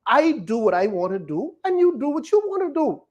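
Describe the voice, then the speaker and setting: A Bahamian man preaches with emphatic force and keeps asking rhetorical questions. His pitch swings widely, rising and falling as he drives each point home. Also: very animated, a little fast, darkish tone, highs cut off. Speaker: pastor. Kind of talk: sermon.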